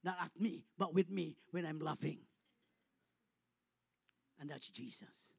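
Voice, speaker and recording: A middle-aged Filipino man preaches with passion, rising to loud, fervent peaks and sinking to hushed tenderness. His voice sits high and carries a gravelly edge. It sounds close and dry, with no room around it. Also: measured pace, no echo. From Philippines. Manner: impassioned preaching, swelling loud then dropping soft. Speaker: pastor. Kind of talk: sermon.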